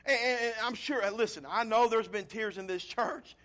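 A male pastor preaching a sermon, swinging from loud pleading appeals to quiet, low storytelling. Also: moderate pace.

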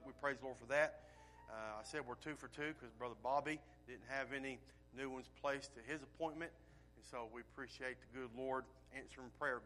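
A man, a pastor giving a folksy church welcome and announcements, with frequent fillers and swells in loudness. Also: mid-range voice.

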